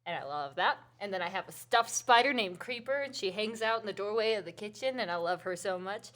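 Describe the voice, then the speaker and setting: A woman's voice: fairly high pitch, a bit bright. A woman guests on a casual live stream. She gushes with giggly enthusiasm and swears now and then in easy conversation.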